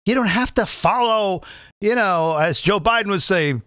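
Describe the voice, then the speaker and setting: A man's voice: extremely high pitch, a little fast, fairly bright tone, no echo, studio quality. A man in his fifties hosting a live comedic political rant, rambling and repeating phrases as he stumbles over restarts. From British American. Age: 50s. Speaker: comedian host.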